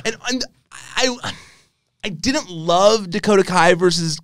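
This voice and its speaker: A man co-hosting a casual wrestling talk show, animated and laughing often as he retells scenes. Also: high voice, a little slow, dry recording, studio quality. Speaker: podcast co-host.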